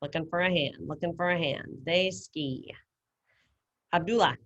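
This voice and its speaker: A woman's voice: fairly low pitch, measured pace, highs cut off. A woman teaching a Spanish class over a video call, casual and encouraging as she talks students through each step. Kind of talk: online class instruction.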